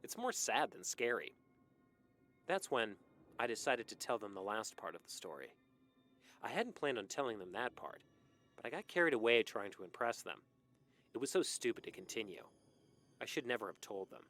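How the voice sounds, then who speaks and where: A man's voice: fairly low pitch, very animated, a little fast, fairly bright tone, slight background noise. A man narrating a scripted horror story with dramatic delivery.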